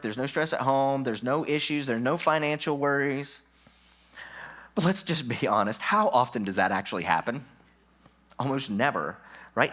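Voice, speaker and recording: Pastor, male, mid-range voice: church sermon, emphatic, repeats his main points, swings between hushed and loud. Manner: emphatic, drops low then rises for stress; repeats key lines for effect.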